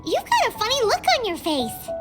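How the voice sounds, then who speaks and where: A woman voicing a bubbly, nosy little girlish companion in a video game, blunt and quick to exclaim. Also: extremely high pitch, wildly swooping pitch, heavily acted. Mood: suspicious. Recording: game audio with loud music behind. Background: game music.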